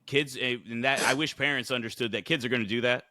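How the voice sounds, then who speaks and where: A man's voice: medium pitch, quick pace, dry recording, studio quality. A male podcast host in casual chat, joking and swearing freely and acting out what people say. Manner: animated, profane, jokey, acts out quotes.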